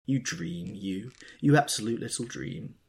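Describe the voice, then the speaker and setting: A man's voice: medium pitch, expressive, unhurried, pitched above the performer's own voice. A man doing a gushing society lady. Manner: crooning, gushing. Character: affected, gushing young society woman.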